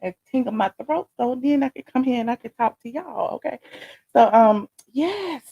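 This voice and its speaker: A woman hosting a live stream in casual chat, sassy and chatty, calling her viewers honey and child, swinging between loud bursts and low asides. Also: lively intonation, normal speed, gravelly, breathy edge, highs cut off.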